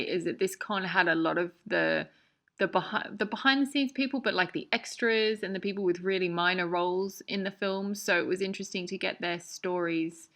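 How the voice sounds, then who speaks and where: Bright-voiced chatty woman filmmaker. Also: fairly low pitch. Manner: chatty, laughing, self-deprecating. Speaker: documentary filmmaker. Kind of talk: casual audio commentary.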